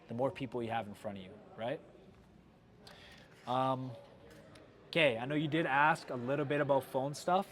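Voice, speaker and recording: A man leading a sales training session for his dealership team, talking in an energetic coaching way with lots of "right?" and "like". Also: mid-range voice. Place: car dealership.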